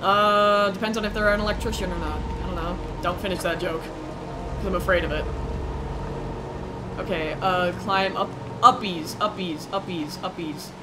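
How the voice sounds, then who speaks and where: A young woman streaming a game, chatting playfully with her viewers and squealing when excited. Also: medium pitch, normal speed, pauses often, noisy background. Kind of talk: casual gameplay commentary.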